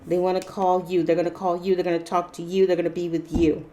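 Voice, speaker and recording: In a casual tarot reading, a woman speaks straight to her viewers, tossing in fillers and frequent exclamations of "wow" and "interesting." Her voice is fairly low, mellow, and flat, and she talks fast. There's a little hiss or hum in the background.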